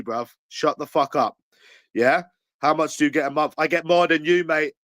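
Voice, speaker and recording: A man with a London accent, ranting angrily to camera in a repetitive, jeering way that breaks into shouts. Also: fairly high pitch, no room sound, rough recording. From England. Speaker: channel owner. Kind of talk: angry ranting monologue to camera.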